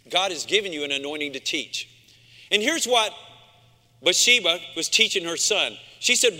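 A man's voice: sits high, expressive, normal speed, pushed and bright. A male pastor preaching a sermon, emphatic, calling out to his congregation in a church sanctuary. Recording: long reverb in a large room.

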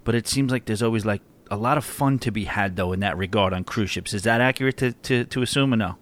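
A man's voice: fairly low pitch, fast. A man hosting a podcast, chatting casually and asking loose, rambling questions. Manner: relaxed, laughing, asks rambling questions. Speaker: podcast host. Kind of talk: casual interview chat.

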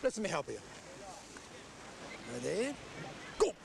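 A man's voice: sits high, wildly swooping pitch, slow, vocal fry, crowd noise, heavily acted. An actor playing a father in a spy film, giving his sons life lessons with stiff, oddly accented delivery. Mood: coaching. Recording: film clip with background noise.

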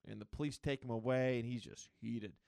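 A man co-hosting a podcast, recapping a comic book in a rambling, excited casual chat. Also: mid-range voice, a little fast, creaky, dry recording. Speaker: podcast co-host.

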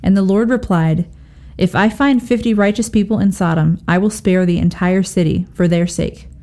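A woman reading aloud from the Bible at a steady pace, lifting her voice for the quoted speakers. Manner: steady, expressive reading, lifts pitch for quoted speech. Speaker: scripture reader.

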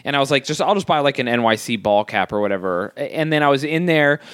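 A young man in casual chat, telling stories in an animated, swearing, jokey way. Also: medium pitch, quick pace, smooth, no room sound, studio quality.

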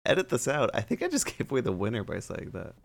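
A man playing on a tabletop role-play podcast, making joking, quick asides. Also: mid-range voice, huge pitch swings, creaky. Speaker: player. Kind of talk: casual podcast chat.

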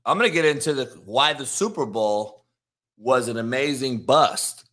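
A man's voice: medium pitch, expressive, moderate pace, fairly bright tone. Brash, profane male sports show host. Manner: brash, swears freely, hypes upcoming segments.

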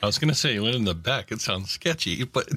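A man's voice: mid-range voice, lively intonation, bright, forceful tone, dry recording, studio quality. A man with a Northeastern Connecticut accent, chatting casually and teasing his co-host. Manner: teasing, quick to laugh. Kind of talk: casual chat.

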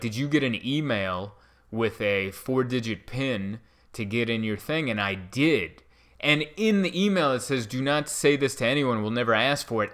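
A man in his mid-thirties telling a story in a rambling, self-mocking way, with animated bursts. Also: medium pitch. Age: 30s. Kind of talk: casual storytelling monologue.

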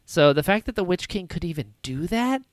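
A woman hosting a podcast, recapping a film in casual chat with lively retellings. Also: fairly low pitch, no room sound, studio quality. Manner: animated retelling with quick character voices. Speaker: podcast host.

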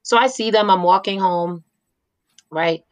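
A woman's voice: mid-range voice, unhurried, no echo, dull audio. A woman guest telling a personal story in a reflective, earnest way, with frequent fillers.

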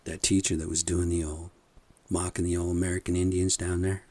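A man's voice: low-pitched, flat delivery, brisk, warm tone. A man hosting a podcast, telling a rambling, profane story in a casual monologue with frequent chuckles. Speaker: podcast host.

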